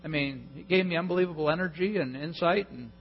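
A male pastor preaching a sermon, telling a story with lively, self-mocking humor. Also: on the high side, quick pace, slight background noise. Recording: dull lo-fi recording in a hall.

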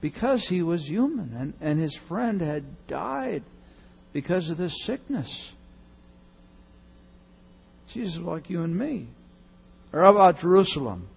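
A male pastor giving a sermon, swinging between loud emphasis and soft, hushed reading. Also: fairly high pitch, sing-song, unhurried, vocal fry, pauses often, husky, muffled recording.

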